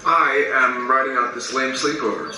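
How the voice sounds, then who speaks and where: A man's voice: mid-range voice, fairly even intonation, normal speed, recorded from a distance, close to an everyday voice. An actor playing a guarded, sarcastic teenage boy, talking in a dry, muttered way. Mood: sullen. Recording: series clip heard from afar, roomy with noise.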